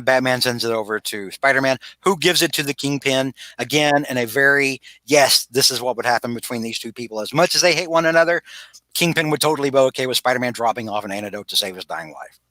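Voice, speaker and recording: A man co-hosting a casual podcast, retelling a story with animated energy, acting out lines, and stumbling through restarts. His voice is bright and forward. The sound is dry and close. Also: mid-range voice, fast talker, no room sound. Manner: animated retelling with acted-out quotes and frequent restarts. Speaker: podcast co-host. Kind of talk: casual chat.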